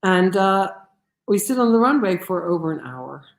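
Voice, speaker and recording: A woman giving a lecture, telling a personal story in an animated way with many restarts. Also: medium pitch, normal speed, gravelly, reverberant.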